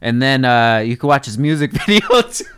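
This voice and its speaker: A man's voice: mid-range voice, very animated, moderate pace, background noise. A young man hosting a podcast in casual chat, laid-back and full of swearing, talking straight to his listeners. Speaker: podcast host.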